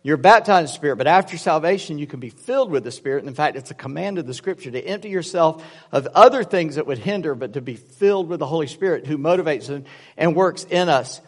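Speaking quickly in a highish voice, a pastor delivers an animated, story-filled sermon, doing voices in his jokes as he goes. Long hall reverb surrounds the recording.

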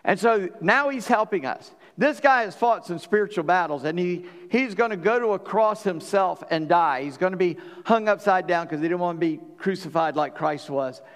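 Middle-aged preacher, slightly high voice, folksy conversational sermon, long hall reverb. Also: male voice, lively intonation, normal speed, hardly any pauses. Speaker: pastor. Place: church sanctuary.

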